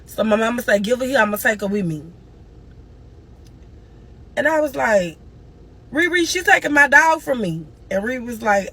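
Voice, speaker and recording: A woman's voice: fairly high pitch, animated, normal speed, pauses often, bright, forceful tone, faint music behind. A grieving woman streaming live, telling a long emotional story and crying at times. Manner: tearful, cries and moans through the story.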